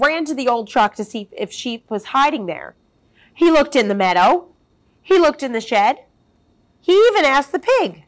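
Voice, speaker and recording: A woman reading a children's storybook aloud as storyteller, expressive and sing-song. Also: high voice, normal speed.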